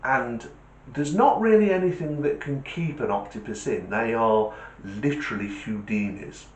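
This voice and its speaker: A man voicing a polite, calm pet shop owner, courteous and salesman-like. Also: mid-range voice, moderate pace, roomy sound, close to an everyday voice.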